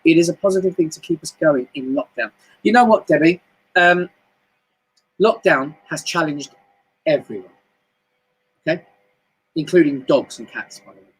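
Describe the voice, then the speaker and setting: A man with a British accent giving a chatty, animated motivational talk on a home live stream, often jumping up high in pitch. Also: moderate pace, pauses often, breathy edge, poor audio. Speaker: motivational speaker. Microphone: home live stream mic.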